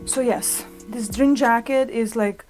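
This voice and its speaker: A woman's voice: a little high, unhurried. A young woman reacting to a fashion show as a vlogger, joking and telling stories playfully. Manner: playful, joking, lively storytelling. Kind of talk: comedic reaction commentary. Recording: music playing underneath.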